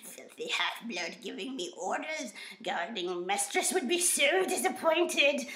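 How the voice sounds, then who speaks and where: A woman's voice: big pitch swings, fairly bright tone. Kreacher, a grumbling old house-elf, as a woman puts him on. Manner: muttering, slow and low. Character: grumpy old male house-elf, disgruntled and spiteful. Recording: roomy echo.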